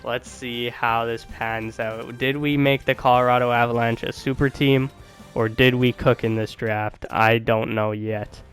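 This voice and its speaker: A man hosting a video game channel, giving chatty, excitable commentary and talking to his viewers in slang. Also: medium pitch, measured pace, soft background music, poor audio. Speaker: gaming video host.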